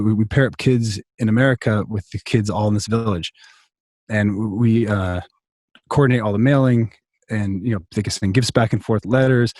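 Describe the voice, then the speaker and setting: A man's voice: on the low side, warm tone, no room sound, studio quality. A man telling a long story in a casual interview over a video call, rambling with many restarts and fillers. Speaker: songwriter guest.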